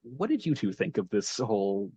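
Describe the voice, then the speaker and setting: A man's voice: lowish voice, big pitch swings, moderate pace, mellow, breathy edge, dull audio. A man hosting a podcast, recapping a show in meandering, casual talk as he thinks aloud. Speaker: podcast host. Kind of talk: casual chat, episode recap.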